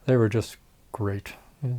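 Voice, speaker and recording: In a fairly low, steady, dark-toned voice, a little slow, an older man who retired as a facial plastic surgeon shares stories for an oral history interview. He acts out quoted voices and chuckles.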